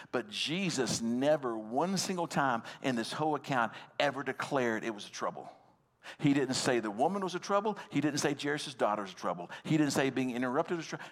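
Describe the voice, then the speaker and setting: A male pastor preaches to a live congregation in a church hall, his mid-pitched voice carrying a long reverb tail through the room. He talks in a relaxed, conversational way, often pausing to ask his listeners questions directly. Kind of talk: sermon.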